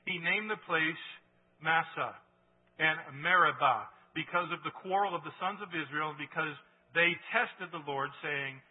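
A man preaching a sermon as pastor, animated and rising loud when he reads scripture. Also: a little high, husky. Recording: phone-like sound, long hall reverb.

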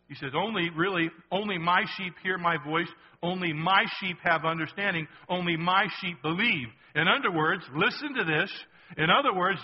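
A man's voice: fairly high pitch, slightly rough, in a large hall, highs cut off. A man preaching a sermon as pastor, emphatic and repetitive, often checking in with the congregation.

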